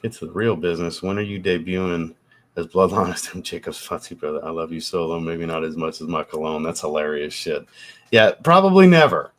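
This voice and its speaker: He speaks fairly quickly in a deep voice while hosting a fragrance livestream, casually chatting and reading viewer comments. Still recovering from a cold, he's loose and profane and swears often.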